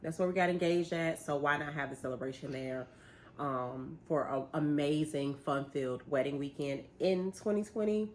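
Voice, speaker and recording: Lively woman telling a story, low voice. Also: moderate pace. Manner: animated, laughing retelling with quoted voices. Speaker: vlogger, bride-to-be. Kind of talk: casual storytelling chat.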